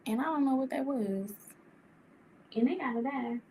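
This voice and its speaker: A woman vlogger talking casually to camera with life advice, chatty and animated, laughing often and jumping up in pitch. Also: moderate pace, a little hiss or hum. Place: indoor room.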